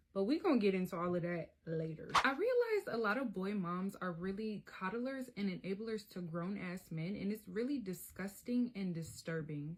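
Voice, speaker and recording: A woman telling a personal story in a casual, profane way, often talking to viewers as y'all. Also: medium pitch. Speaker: storyteller vlogger.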